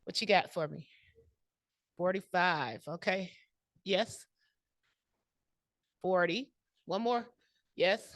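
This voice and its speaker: A woman hosting a club meeting in a large room, announcing the next segments and engaging the audience in a lively way. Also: fairly low pitch, slow, long pauses, no room sound. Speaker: meeting host.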